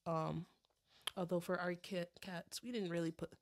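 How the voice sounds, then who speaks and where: A woman's voice: fairly low pitch, little pitch movement, moderate pace. A woman co-hosting a pet podcast in casual chat, rambling with frequent ums and restarts. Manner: chatty, trails off with ums and restarts. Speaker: podcast co-host.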